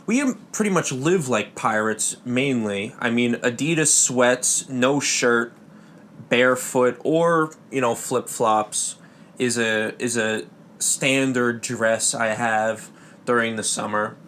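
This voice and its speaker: Male podcast host, slow halting delivery, jokey rambling bits, faint ambience. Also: medium pitch, a bit bright, a little hiss or hum. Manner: halting, full of fillers and restarts, jokey asides. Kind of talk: rambling comedy podcast monologue.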